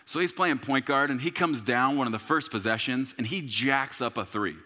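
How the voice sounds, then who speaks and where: A man in his thirties preaching a sermon as a pastor, telling a story with humor and bursts of shouting. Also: medium pitch, moderate pace, in a large hall.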